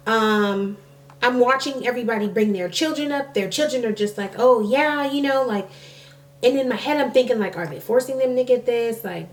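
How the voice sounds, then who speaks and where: Speaking to camera in a fairly high voice at moderate speed, a young mom studying nursing tells a meandering story full of "like" and false starts. She sounds somewhat far from the microphone.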